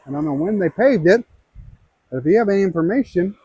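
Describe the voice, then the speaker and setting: This Ozark Southern American hiking vlogger has a high-pitched, animated voice that's a little mellow and slightly rough, and he talks at a quick pace. Breathless from climbing, he chats casually with viewers while walking a wooded trail outdoors. Recorded on a handheld camera, the sound is dry and close.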